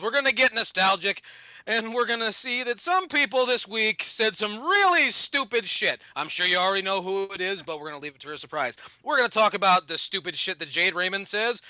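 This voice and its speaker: A man hosting a rowdy gaming podcast, introducing guests with loud hype and swearing freely. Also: high voice, no room sound. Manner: loud, hyped, profane. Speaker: podcast host.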